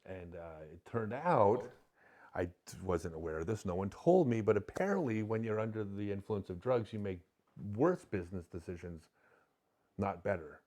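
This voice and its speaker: Man, middle-aged, lowish voice, confessional, emotional, halting restarts. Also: lively intonation, darkish tone. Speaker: podcast guest. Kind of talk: candid storytelling in conversation.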